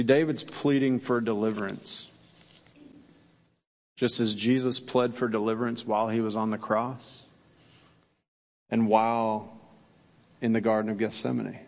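A man's voice: mid-range voice, gravelly, long reverb tail. A male pastor preaching a sermon, earnest and emphatic, asking his listeners rhetorical questions.

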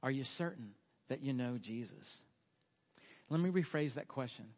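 A man's voice: medium pitch, lively intonation, moderate pace, lo-fi sound. A middle-aged man preaching a sermon, earnest and folksy, pressing his listeners with questions. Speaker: pastor.

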